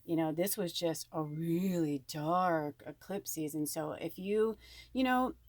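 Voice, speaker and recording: A woman giving a casual spiritual card reading, chatty and rambling with frequent ums, warm and encouraging toward her viewers. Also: deep voice, measured pace, no echo.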